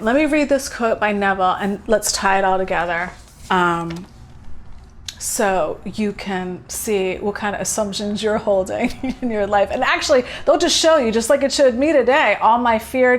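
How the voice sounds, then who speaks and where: An earnest woman hosting a casual spiritual talk, at a mid-range pitch. She tells a personal story in a relaxed, unscripted way and thinks aloud as she goes. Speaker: host.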